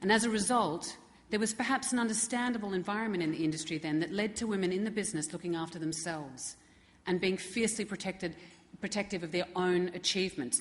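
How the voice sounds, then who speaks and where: A middle-aged woman with a slightly low voice stands at a podium microphone presenting an award. She delivers a tribute speech, slipping in wry, self-deprecating asides. Her words ring out with a long reverb through a large event hall.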